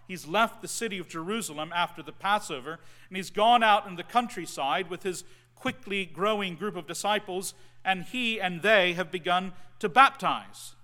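A man in his forties preaches in a relaxed, conversational way, dotted with ums, letting his phrases drop away softly at the ends. His voice is bright and forward, sitting a little high for a man, and it rings out with a long hall reverb. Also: normal speed, few pauses. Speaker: pastor. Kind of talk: sermon.

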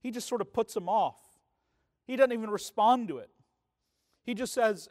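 A man's voice: sits high, moderate pace, long pauses, a little mellow. A man preaching a sermon as pastor, in a conversational way that keeps checking in with the congregation. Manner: conversational preaching, often asking "right?".

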